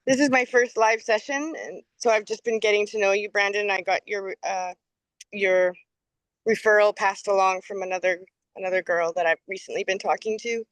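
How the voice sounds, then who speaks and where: A woman with a mid-range voice joins a video call from outside, her voice dry and close. She speaks gratefully, pausing now and then with small hesitations. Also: medium pitch, fairly even intonation, dry recording, poor audio. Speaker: viewer joining a live session. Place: outdoors near a lawnmower.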